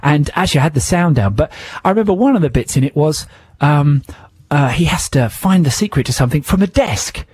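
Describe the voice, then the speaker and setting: Wry husky-voiced co-host. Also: male voice, on the high side, expressive, a little fast, hardly any pauses, a little mellow, no echo. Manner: wry, dismissive, chatty. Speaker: radio co-host. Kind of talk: casual radio banter.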